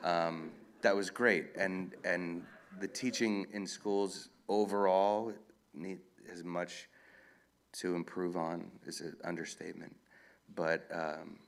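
Gravelly low-voiced man telling stories. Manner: rambling, relaxed storytelling with many fillers. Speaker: author answering audience questions. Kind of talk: casual Q&A talk. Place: live event with an audience.

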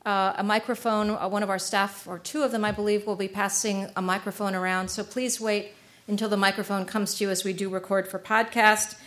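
Brief: woman host, mid-pitched, steady announcing tone, formal intro to an evening talk. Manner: steady, announcing, with small filler pauses. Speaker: event host introducing speakers.

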